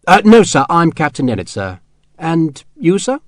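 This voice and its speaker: A man's voice: on the high side, sing-song, normal speed, no room sound, studio quality, voice pushed up. A man playing a nervous, deferential young captain who talks politely and eagerly, in an audiobook reading.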